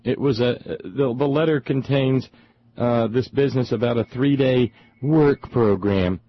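A middle-aged man hosting a talk show, delivering an indignant, sarcastic political monologue with frequent halting repeats. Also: mid-range voice, husky, dry recording, dull audio. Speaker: talk radio host.

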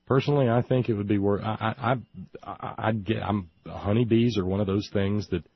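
A man's voice: fairly low pitch, fairly even intonation, normal speed, husky, no echo, highs cut off. A man delivering a sarcastic commentary monologue, mocking and indignant in turns, with hesitant restarts as he reads from a report. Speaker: political commentary host.

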